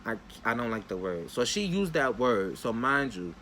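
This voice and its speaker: A man's voice: mid-range voice, moderate pace, a little hiss or hum. A young man telling viewers a story in a casual, slangy storytime vlog, talking straight to them. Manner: animated, talks straight to viewers. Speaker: vlogger.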